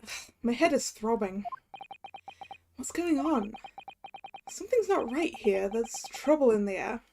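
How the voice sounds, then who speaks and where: A woman's voice: on the high side, lively intonation, unhurried, noisy background. A woman voicing a bewildered young male lawyer in a video game, talking in a hesitant, confused way.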